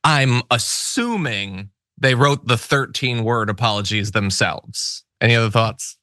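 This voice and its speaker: A man's voice: medium pitch, animated, measured pace, pushed and bright, no room sound, clean studio sound. A man hosting a political news show, talking in a wry, sarcastic way and reading out viewer comments.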